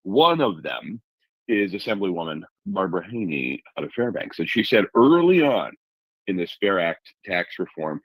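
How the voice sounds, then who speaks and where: Deep husky alaska guy on a talk show, animated storyteller, dry close sound. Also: moderate pace, dry recording, highs cut off. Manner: animated storyteller, colorful comparisons. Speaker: guest. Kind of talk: conversational interview.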